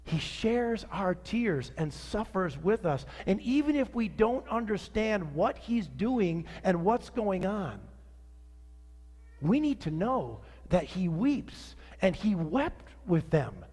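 A man preaching a sermon as pastor, swinging from fiery outrage to hushed tenderness. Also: high voice, slow, husky, long reverb tail. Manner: animated preaching, rising to outrage then dropping soft.

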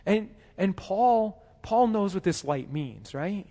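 A man's voice: high voice, expressive, takes it slowly, dark tone, in a large hall. A man preaching a sermon in a conversational way, often repeating words and asking the listeners rhetorical questions.

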